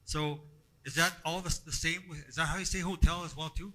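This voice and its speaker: Halting man teaching a class. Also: on the high side, steady tone, sharp tone, poor audio. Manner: halting, repeats words, asks the group questions. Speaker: language workshop instructor.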